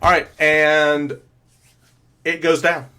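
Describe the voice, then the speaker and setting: A man narrating as game master of a tabletop game, pausing often with fillers as he describes the action. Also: fairly high pitch, little pitch movement, pushed and bright, smooth. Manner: hesitant, filler-heavy narration.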